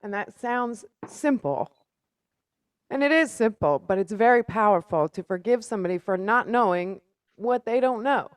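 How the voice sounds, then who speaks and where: A woman's voice: mid-range voice, animated, moderate pace, no echo, clean studio sound. A woman co-hosting a podcast, speaking earnestly and thoughtfully. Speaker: podcast co-host. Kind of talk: casual conversation.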